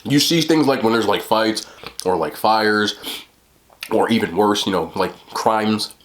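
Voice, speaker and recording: A man's voice: on the low side, a little slow, a bit bright, slight background noise. A man hosting an eating show, rambling casually with lots of "like" and "you know". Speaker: mukbang host. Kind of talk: casual chat while eating.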